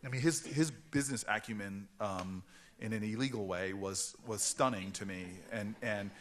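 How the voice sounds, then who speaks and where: A man's voice: on the low side, moderate pace. A man in his forties from New Jersey, an author guest telling stories at a book event with many stammered restarts. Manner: animated storytelling with stammering restarts.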